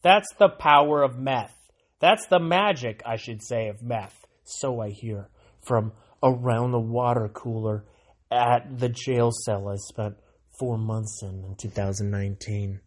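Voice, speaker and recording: An American man delivers a sarcastic solo monologue at an unhurried pace. His voice sits at a middling pitch, and he keeps breaking into irreverent, mocking remarks that jump from loud bursts to low mutters. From United States. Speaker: solo commentary host. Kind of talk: sarcastic monologue reading news.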